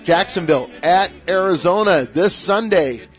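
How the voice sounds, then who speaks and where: A man's voice: sits high, expressive, normal speed, faint music behind. A man hosting a radio talk show, casual and joking, chatting and reading sponsor mentions. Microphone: studio microphone. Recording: dull lo-fi radio audio.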